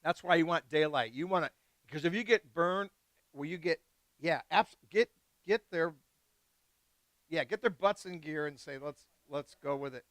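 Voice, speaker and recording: A man hosting a live wine tasting, chatting casually and excitedly with guests and swearing freely. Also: fairly high pitch, moderate pace, long pauses, no room sound. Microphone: live stream mic.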